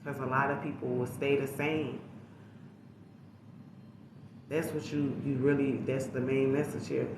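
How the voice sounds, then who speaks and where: A man's voice: medium pitch, little pitch movement, normal speed, roomy sound, noisy background. A man giving a casual tarot reading, talking straight to his viewers in a slangy, emphatic way with frequent swearing. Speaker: tarot reader.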